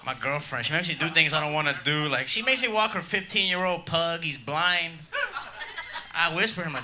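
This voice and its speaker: Male stand-up, brash and crowd-baiting, slightly high voice, live club mic with room noise. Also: moderate pace. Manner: brash, crowd-baiting, tags jokes with "dog" and "you know what I mean". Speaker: stand-up comedian. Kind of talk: crude stand-up set. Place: comedy club stage.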